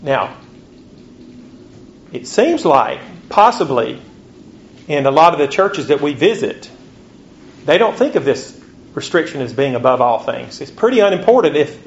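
A man preaching a sermon, reading scripture slowly and lifting his voice on rhetorical questions. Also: fairly high pitch, very animated, a little hiss or hum. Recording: dull lo-fi recording with faint ambience.

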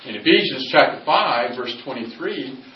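A man preaching a sermon, emphatic, slowing down to quote scripture and swinging between loud and soft. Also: mid-range voice, animated, a little hiss or hum. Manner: emphatic, varies volume widely, slows on scripture quotes. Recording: roomy, distant, dull recording.

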